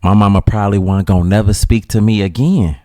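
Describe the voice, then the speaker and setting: A man with a Chicago accent narrating a dramatic story in a slangy, casual way with dramatic pauses. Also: lowish voice, fairly even intonation, mellow, no echo, studio quality.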